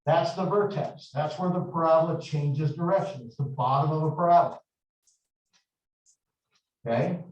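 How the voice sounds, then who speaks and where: A middle-aged man teaching a math class, explaining slowly and deliberately and wandering into chatty stories from his past. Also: on the high side. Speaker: math instructor. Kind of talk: classroom lecture. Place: large echoey classroom. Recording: echoey, distant, dull classroom recording.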